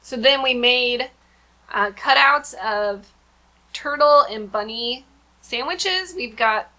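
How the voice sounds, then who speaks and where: Bright, chatty homeschooling mom. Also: female voice, on the high side, takes it slowly. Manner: chatty, rambling, with many fillers. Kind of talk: casual vlog chat.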